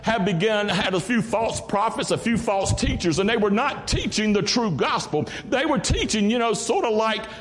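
Lively Southern preacher in a reverberant church. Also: male voice, sits high, normal speed, few pauses. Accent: Southern American. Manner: folksy, preacherly, calls out "Amen?" to the congregation. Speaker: pastor. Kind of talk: sermon. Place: church sanctuary. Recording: church hall with long reverb.

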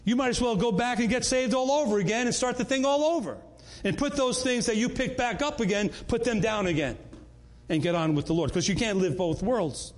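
A man's voice: extremely high pitch, brisk. A man leading a Bible study in an earnest, conversational way, often repeating words and restarting.

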